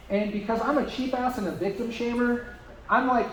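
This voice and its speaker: A young man doing a stand-up set at a brewery comedy night, telling crude jokes with deadpan asides and lots of fillers. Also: extremely high pitch, brisk, roomy sound, slight background noise, rough recording.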